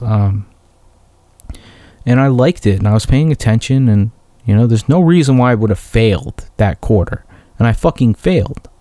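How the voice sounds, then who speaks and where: Mellow-voiced man, profane, rambling. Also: medium pitch, no echo. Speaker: podcast host. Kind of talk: casual solo storytelling.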